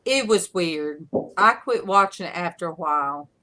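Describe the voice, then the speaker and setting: A woman's voice: on the low side, lively intonation, normal speed, bright, forceful tone. A woman hosting a casual online panel chat, telling rambling stories with frequent laughter over a video call.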